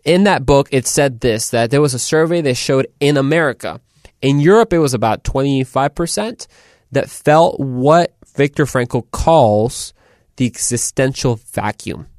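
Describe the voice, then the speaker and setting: Casting: animated podcast host, man, mid-pitched, chatty, dry close recording. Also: measured pace, no echo. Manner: chatty, animated, rambling with restarts. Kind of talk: casual podcast talk.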